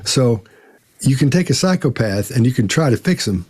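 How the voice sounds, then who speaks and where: A man's voice: mid-range voice, sing-song, normal speed, a little mellow, slightly rough. A man co-hosting a live Q&A on body language, talking in a folksy way with many restarts. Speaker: co-host, body language expert. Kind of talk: live Q&A chat.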